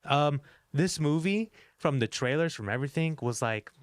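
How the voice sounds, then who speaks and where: A man co-hosting a film review podcast, talking in a loose, rambling way, full of fillers and the odd curse. His voice is smooth and clean, recorded dry and close with no room sound. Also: fairly high pitch, moderate pace, no room sound. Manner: rambling, animated, frequent fillers and swearing. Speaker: podcast co-host reviewing films. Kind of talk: casual movie review chat.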